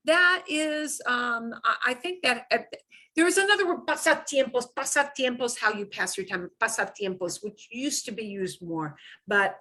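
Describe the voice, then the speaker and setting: Slow, bright-voiced language teacher woman. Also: on the high side. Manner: patient, drills words slowly and has students repeat. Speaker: Spanish teacher. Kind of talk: online class lesson.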